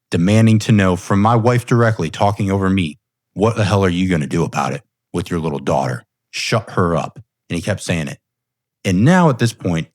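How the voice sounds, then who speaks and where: A middle-aged man with a very low voice hosts a coaching podcast and tells a personal story. He speaks intensely and emphatically, leaning hard on key words. The sound is close and dry, with no room around it. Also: no echo. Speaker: leadership coach.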